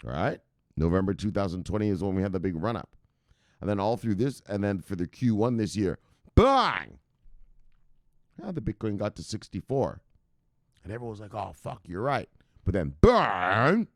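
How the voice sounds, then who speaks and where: A man hosting a crypto livestream from home, cursing freely, laughing often and shouting at his viewers. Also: fairly low pitch, brisk, dry recording, clean studio sound. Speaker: crypto news host. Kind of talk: casual livestream rant.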